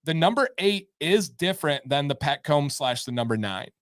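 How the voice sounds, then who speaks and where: A man hosts a live-stream advice chat, reading questions and answering with upbeat emphasis. His voice sits a little high. The sound is dry and close, with little room echo. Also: expressive, normal speed, a bit bright. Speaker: show host giving beard advice.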